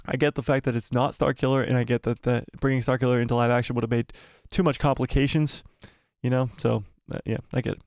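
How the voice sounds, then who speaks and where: A man's voice: medium pitch, fairly even intonation, fast, darkish tone, dry recording. Guy live streaming, all hyped and breathless, keeps repeating stuff, dry close sound. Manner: breathless, swearing, repeating himself. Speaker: host of a live watch party stream. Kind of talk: excited live-stream chat, reading viewer comments.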